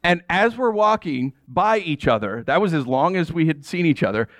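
Speaking at a moderate pace in a slightly high voice, a male pastor in his thirties delivers a sermon full of animated stories. He performs the voices of the people he quotes, and there's no room sound.

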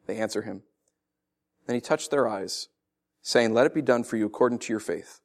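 A man's voice: mid-range voice, normal speed, pauses often. A man preaching a sermon, reading scripture and acting out the people in it with laughs. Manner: animated, acts out voices with laughs. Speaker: pastor.

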